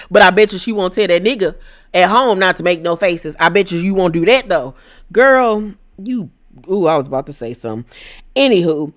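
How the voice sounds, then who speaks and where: A woman recapping a reality show episode in a sassy, animated way, acting out quotes with shifting pitch.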